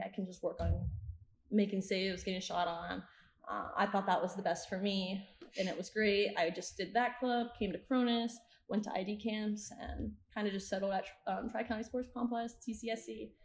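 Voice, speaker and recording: A woman's voice: medium pitch, a little mellow. Chatty young woman, roomy sound. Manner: chatty, retells scenes with quoted asides and frequent laughs. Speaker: podcast guest, soccer coach. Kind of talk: casual interview storytelling. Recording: roomy echo.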